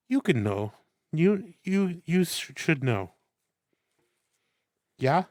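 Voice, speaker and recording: A man's voice: a little high, sing-song, slow pace, long pauses, no room sound, clean studio sound. A man co-hosting a podcast in casual banter, rambling and playful, often tripping over his words. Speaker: podcast co-host.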